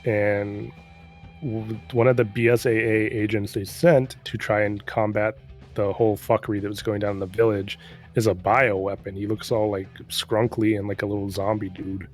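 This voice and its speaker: A man's voice: fairly low pitch, level tone, moderate pace, soft background music. A man casually recapping a game's story in a rambling, profane, sarcastic way. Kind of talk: casual chat.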